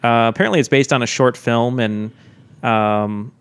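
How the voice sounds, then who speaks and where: A man's voice: mid-range voice, moderate pace, clean tone. A man from Chicago with a light Chicago accent, co-hosting a podcast in casual chat, rambling with lots of ums and restarts. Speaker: podcast co-host. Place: recording studio.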